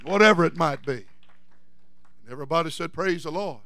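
A male senior pastor with a high, bright voice delivers a sermon, moving from low conversational asides up to shouted, repeated declarations. His voice is close and dry, with no room around it. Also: a little fast, no room sound. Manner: preaches in repetition and direct address. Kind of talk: Pentecostal-style sermon.

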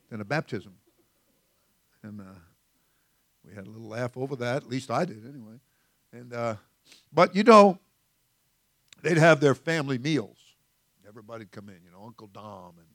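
An older man serving as senior pastor delivers a conversational sermon that's folksy and rambling, full of storytelling asides. His voice is medium-pitched, with no echo.

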